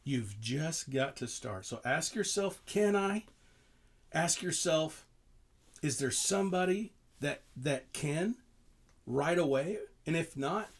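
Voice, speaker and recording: A man's voice: on the high side, creaky, breathy edge. A middle-aged man hosting a leadership podcast, talking casually and emphatically, telling stories from his work and laughing now and then. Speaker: leadership coach and podcast host. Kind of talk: motivational podcast talk.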